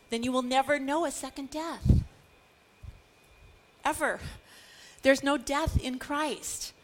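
A woman's voice: sits high, a bit bright. A middle-aged woman teaching a Bible study, earnest and building to emphatic declarations.

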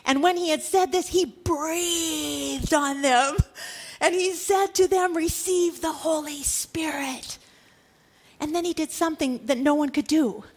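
A woman in her fifties delivers a sermon in a notably high voice. She preaches with animation, rising to loud exhortations and dropping to low, hushed asides. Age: 50s.

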